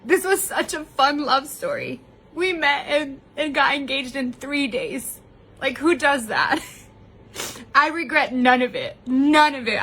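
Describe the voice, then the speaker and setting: A woman with a high voice shares a heartfelt personal story on a live stream. She talks openly and candidly to her viewers, laughing often as she goes. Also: fairly bright tone. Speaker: vlogger sharing personal story. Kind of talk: emotional live-stream monologue.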